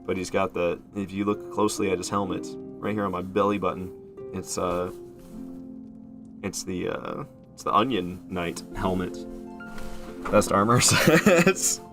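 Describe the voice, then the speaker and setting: Casual male streamer, lowish voice, jokey and talkative with chat, soft game music underneath. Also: unhurried, pauses often. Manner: chatty, joking, often laughing and answering chat. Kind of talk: casual live-stream commentary. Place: at home.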